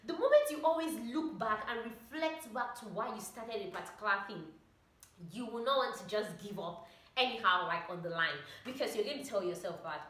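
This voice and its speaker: A woman vlogger giving a chatty motivational talk to camera, animated and full of "like" and "oh my God.". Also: on the high side, moderate pace. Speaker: vlogger and trainee pilot. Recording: echoey room.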